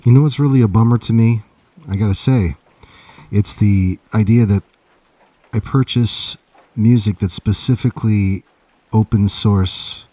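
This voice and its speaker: A man's voice: fairly low pitch, unhurried, pauses often, dry recording. A man chatting casually on a livestream while he writes, rambling and laid-back, heard from a distance off the mic. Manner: rambling, laid-back, talks softly to his cat. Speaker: writer livestreaming his writing.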